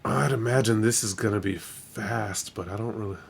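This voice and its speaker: A man's voice: lowish voice, normal speed, gravelly, slight background noise. A man hosting a live stream, chatting casually in a slangy, laid-back way and swearing freely. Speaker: stream host and rapper.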